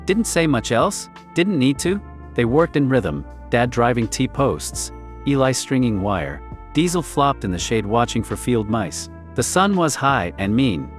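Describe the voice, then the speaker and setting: A man reading a story aloud in a quiet, clipped, understated way. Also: medium pitch, big pitch swings, a little slow, faint music behind. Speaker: narrator. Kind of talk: scripted story narration.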